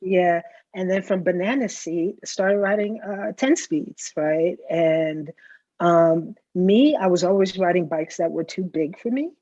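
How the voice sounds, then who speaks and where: A woman's voice: fairly low pitch, measured pace, dark tone, dry recording. A middle-aged woman, telling stories in casual chat and tagging her lines with "right?". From the Bronx, New York. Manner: chatty storyteller, tags lines with "right?". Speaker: customer guest. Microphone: video call. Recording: dull lo-fi video call audio.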